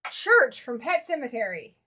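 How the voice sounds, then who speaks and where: Bright high-voiced woman hosting a stream. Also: big pitch swings, slight background noise. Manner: chatty, quick to react, talks to viewers by name. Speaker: livestream host. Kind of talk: casual chat, reading viewer comments.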